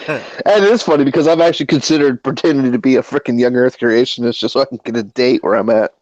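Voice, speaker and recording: A man's voice: medium pitch, quick pace, darkish tone, no echo, dull audio. A man talking in a hesitant, rambling way in a casual group chat. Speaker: guest.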